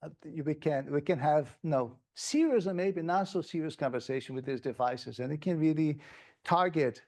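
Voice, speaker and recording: A man's voice: a little high, moderate pace, a little mellow. A man giving a plenary conference presentation, speaking in an enthusiastic, conversational way with many restarts.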